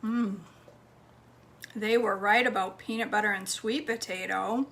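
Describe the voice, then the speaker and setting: A woman's voice: medium pitch, fairly even intonation, a little slow, a bit bright, slight background noise. A woman vlogging casually from her home kitchen, chatting to viewers and her dog as she cooks. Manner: chatty, talks to her dog between steps. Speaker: cooking vlogger.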